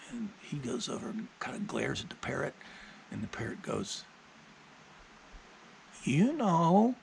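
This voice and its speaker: A man vlogging in a casual, plainspoken monologue, telling his thoughts and a story at an unhurried pace. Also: medium pitch, fairly even intonation, gravelly, a bit bright, a little hiss or hum, poor audio.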